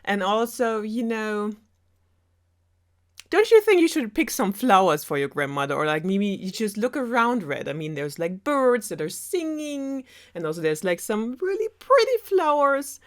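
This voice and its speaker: A woman with a German accent voicing a sly, scheming wolf in a storybook retelling, talking in a smooth, falsely friendly way. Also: medium pitch, sing-song, normal speed, pitched above the performer's own voice, close to an everyday voice. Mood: coaxing.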